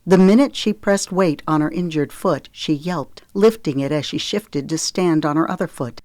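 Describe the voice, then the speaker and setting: A woman narrating an audiobook in a measured, expressive reading voice. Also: sits low, dry recording.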